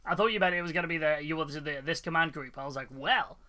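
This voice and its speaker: A man's voice: a little high, steady tone, rapid-fire, pushed and bright. A man hosting a casual hobby live stream, chatting loosely with many fillers and frequent laughs.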